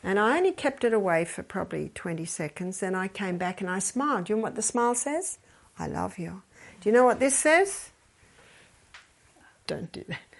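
A woman's voice: mid-range voice, lively intonation, quick pace, hardly any pauses. An older woman, casually giving advice, telling stories and acting out the people in them. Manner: storytelling, acts out quoted voices, quotes scripture.

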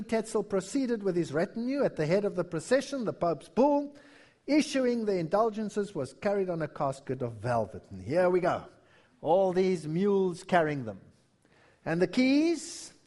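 A man preaching with a high, lively voice that swoops up and down as he tells a story. He acts out the quotes with animation and keeps the pitch moving. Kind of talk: sermon-style history lecture.

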